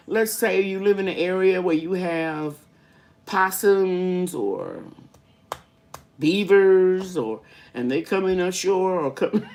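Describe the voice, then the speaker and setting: An older woman runs a chatty, folksy gardening Q&A on a live stream, greeting viewers by name and rambling through her explanations. Her voice is fairly low and a little mellow.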